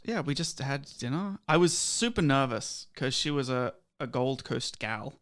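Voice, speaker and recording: A man's voice: medium pitch, lively intonation, moderate pace, a bit bright. A young man telling a dating story in a casual, self-deprecating way, full of fillers. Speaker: guest.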